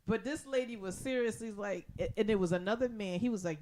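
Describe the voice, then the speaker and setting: Speaking briskly in a medium-pitched voice against slight background noise, a woman co-hosts a casual podcast chat. She tells stories animatedly, swears freely, and acts out other people's voices and words.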